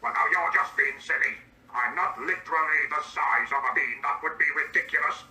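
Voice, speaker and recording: AI male voice as Mr. Bean: indignant, prim, narrates his own actions, slightly high. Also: fairly quick, pushed and bright, reverberant, far from the mic, rough recording. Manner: reads his own stage directions aloud, indignant. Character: Mr. Bean, fussy indignant grown man. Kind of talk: AI voice improv role-play.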